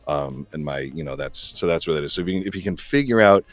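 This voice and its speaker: A man's voice: a bass voice, expressive, fast, dry recording, soft background music. A man chatting casually on a stream, giving rambling explanations full of fillers. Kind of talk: casual chat.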